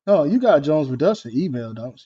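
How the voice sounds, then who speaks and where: A man's voice: fairly high pitch, sing-song, a little fast. A man hosting a casual livestream, talking bluntly and cursing freely. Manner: blunt and profane. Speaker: livestream host. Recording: dull lo-fi stream audio.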